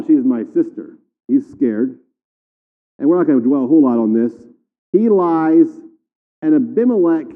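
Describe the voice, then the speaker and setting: A man preaches in a folksy, conversational manner, checking in with his listeners as he goes. His voice sits a bit high. It comes through thin and phone-like, with a long reverb trailing off the hall. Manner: folksy, conversational, asks "all right?" often. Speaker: pastor. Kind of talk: sermon.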